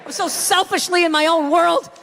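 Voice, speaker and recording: A man doing a loud, profane stand-up routine on a comedy stage. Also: extremely high pitch, steady tone, a little fast, gravelly, long reverb tail. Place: comedy stage with a live audience.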